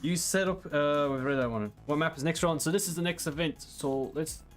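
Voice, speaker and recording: This sim racing streamer has a fairly high voice and talks fairly quickly over soft background music. While playing a driving game, he reads questions from chat and explains a track, rambling casually and using plenty of fillers.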